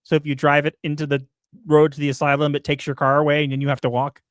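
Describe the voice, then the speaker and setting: A man with a notably high speaking voice hosts a livestream and reads viewer messages aloud, joking and teasing as he goes. He stumbles over his words and restarts often. The sound is close and very dry. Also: completely flat delivery, fast, fairly bright tone, no room sound. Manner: stammering restarts, playful and teasing. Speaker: livestream co-host. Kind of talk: casual chat, reading out viewer messages.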